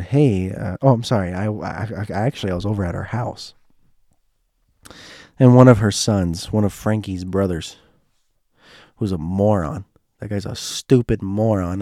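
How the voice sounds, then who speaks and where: A man with a low, hoarse voice tells a personal story straight to his listeners. He rambles and circles back, mixing earnest feeling with quick jokes. The recording is dry and close, with no room sound. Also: warm tone, no room sound. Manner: rambling, restarts often, heartfelt and joking. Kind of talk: casual personal storytelling monologue.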